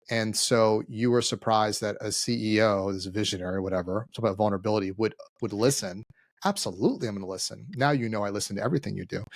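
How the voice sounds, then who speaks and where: Guy hosting a business podcast, kinda low voice, tells stories and does the voices, dry studio sound. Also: creaky, no room sound. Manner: animated storyteller, acts out quoted dialogue. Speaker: podcast co-host, CEO. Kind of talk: casual podcast conversation.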